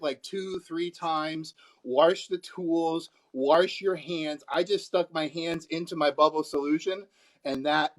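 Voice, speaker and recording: A man who performs with bubbles and puppets, chatting casually and rambling as he goes. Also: a little high. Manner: rambling, easily amused. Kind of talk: casual video chat.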